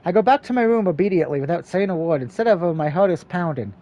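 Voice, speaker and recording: Guy reading a story game out loud, high voice but mellow, trips on words sometimes. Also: lively intonation, fast, dull audio. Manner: stumbling, self-correcting. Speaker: let's play reader.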